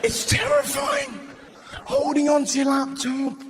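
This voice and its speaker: A man performing a live stand-up set, animated and acting out voices as he shouts his punchlines. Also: very high-pitched, measured pace, creaky, heavy background noise. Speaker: stand-up comedian. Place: large live venue stage. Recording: roomy live venue with loud ambience.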